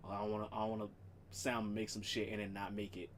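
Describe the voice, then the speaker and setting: A man's voice: on the low side, flat delivery, fast talker, a little hiss or hum. A man streaming casually at home, rambling loosely about his cooking plans, swearing freely and laughing often. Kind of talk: casual chat.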